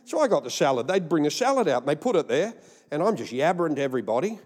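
Jokey Australian pastor in a reverberant hall. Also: male voice, on the high side, big pitch swings, rapid-fire, darkish tone. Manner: jokey, rambling, laughs at his own stories. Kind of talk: humorous storytelling sermon.

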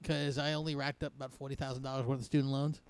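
A man co-hosting a comedy podcast in casual banter, agreeable and a bit halting, joking at his own expense. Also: mid-range voice, level tone, clean tone, no echo. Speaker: podcast co-host.

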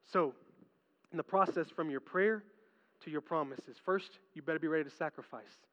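A male pastor preaching a sermon in a large hall, telling stories animatedly and swinging from hushed tones to excited ones. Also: high voice, brisk. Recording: reverberant hall, dull lo-fi sound.

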